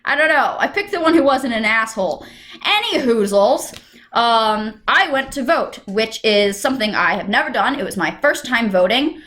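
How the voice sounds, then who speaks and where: A young woman from the United States telling a casual storytime vlog at home, animated and quick to burst into sudden shouts. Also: on the high side. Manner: animated, breaks into sudden loud shouts and whispers. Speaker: vlogger. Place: home room.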